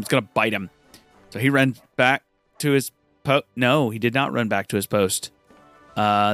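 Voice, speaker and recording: An excitable man giving let's-play commentary, chatty and gushing. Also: medium pitch, dry recording. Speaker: gaming streamer.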